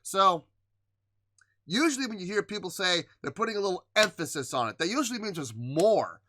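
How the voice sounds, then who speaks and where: A man's voice: high-pitched, lively intonation, fairly quick, pushed and bright, no echo, clean studio sound. A man hosting a music reaction show, talking casually and emphatically as he breaks down what he just heard, at times playfully defiant. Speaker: music reaction channel host.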